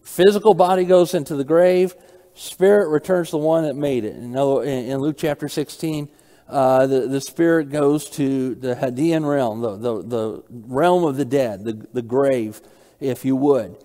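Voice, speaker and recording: A man's voice: mid-range voice, measured pace, mellow, in a large hall. A man preaching a Bible study sermon. He asks his listeners questions, repeats key phrases and reads verses aloud.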